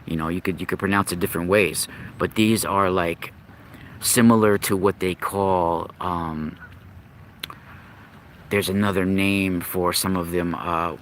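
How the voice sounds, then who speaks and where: A man's voice: sits low, fairly even intonation, a little slow, a bit bright, slight background noise. A man hosting a podcast, telling old myths in a rambling, unscripted way, often restarting and searching for words. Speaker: podcast host. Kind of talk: casual monologue on myth and occult lore.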